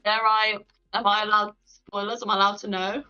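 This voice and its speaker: An enthusiastic guest from the north of England chats in a bubbly way, quick to cheer and react. The voice is bright and a little dull-sounding, with faint music behind it. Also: mid-range voice, level tone, clear, resonant tone. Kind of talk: casual chat.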